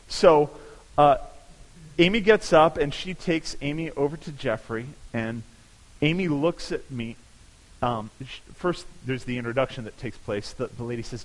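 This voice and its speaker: High-voiced preacher in a reverberant hall. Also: male voice, measured pace. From California. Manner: animated storytelling building to emphatic peaks. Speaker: pastor. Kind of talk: sermon.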